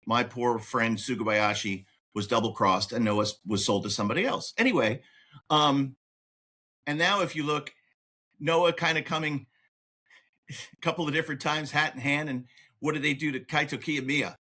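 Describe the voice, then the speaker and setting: A man hosting a podcast in casual chat, talking excitably and swinging his pitch up and down. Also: moderate pace. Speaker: podcast host.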